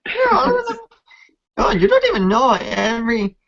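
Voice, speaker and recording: A man voicing a brash male half-elf fighter in a put-on Irish accent, high and boastful, a little off-mic on a lo-fi recording. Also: huge pitch swings, a little fast, vocal fry, a loud crowd, exaggerated voice. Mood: cocky.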